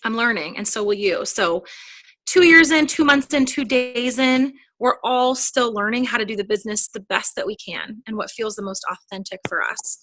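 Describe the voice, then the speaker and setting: Bright, upbeat woman trainer. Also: a little high, moderate pace. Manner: chatty and upbeat, acts out quoted dialogue. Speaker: direct sales team trainer. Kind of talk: casual motivational training talk.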